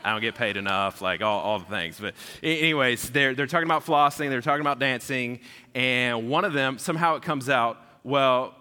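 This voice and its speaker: A man, preaching a sermon in a casual, animated storytelling way. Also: medium pitch, fairly quick, clean tone. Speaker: pastor. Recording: long hall reverb.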